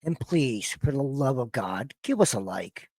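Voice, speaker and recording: A man's voice: medium pitch, sing-song, unhurried, a little mellow, no room sound. A man in his forties to fifties hosting a casual reaction podcast, talking bluntly and profanely and often stumbling over repeated words. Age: 40s to 50s. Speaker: podcast host. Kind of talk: casual reaction-show banter.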